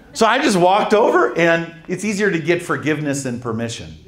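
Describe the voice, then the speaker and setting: A man preaching a sermon, reading scripture and telling a lively testimony story with quick laughs and emphatic asides. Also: on the high side.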